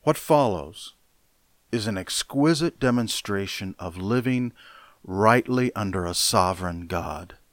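Man, pastor, sermon, deliberate emphatic delivery, low voice, dry close sound. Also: animated, fairly bright tone, no echo.

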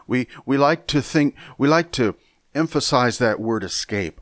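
A man teaching a Bible lesson in a measured, deliberate way, often repeating a word as he thinks. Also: mid-range voice, lively intonation, no room sound, studio quality. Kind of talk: sermon lesson.

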